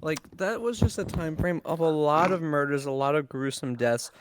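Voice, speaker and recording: A man's voice: a little high, moderate pace, noisy background. Joking man co-hosting a podcast. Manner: joking, asks questions. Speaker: podcast co-host. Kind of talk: casual chat.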